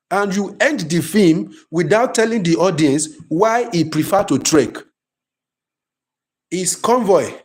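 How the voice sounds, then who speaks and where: Man, high-pitched, lively repetitive teacher on a stream. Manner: lively, emphatic, repeats himself. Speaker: film writing teacher. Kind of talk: live-streamed class.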